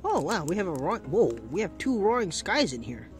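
Chatty man with hiccups, lively voice. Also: sits high, moderate pace, faint music behind. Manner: chatty, easily delighted, thinks aloud. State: has the hiccups. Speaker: YouTuber opening trading card packs. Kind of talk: casual unboxing commentary.

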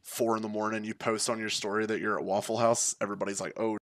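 A man's voice: on the low side, little pitch movement, quick pace, a bit bright, no room sound. A young man casually telling a personal story, laid-back and profane, full of slang and fillers. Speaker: streamer.

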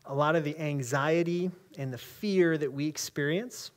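American pastor guy preaching in church, slightly high voice, chatty, slows way down on scripture. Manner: conversational preaching, reads scripture slowly and emphatically. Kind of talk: sermon. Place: church sanctuary.

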